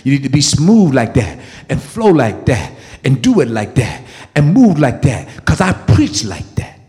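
A man preaching a sermon as pastor, emphatic and call-and-response, with sudden loud peaks. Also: mid-range voice, wildly swooping pitch, unhurried, in a large hall.

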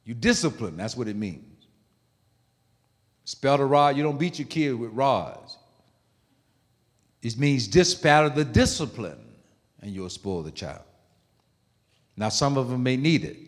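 A man's voice: mid-range voice, lively intonation, unhurried, long pauses. A male pastor preaching a sermon in an emphatic, repetitive style, with asides to the congregation. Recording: echoey hall.

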